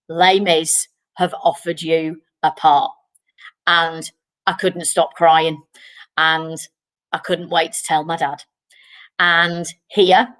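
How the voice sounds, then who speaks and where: A woman shares a story with a school assembly, lively and expressive. Her voice sits a little low for a woman. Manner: lively, acts out quoted voices while telling the story. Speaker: musical theatre performer speaking at a school assembly. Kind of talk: personal storytelling talk.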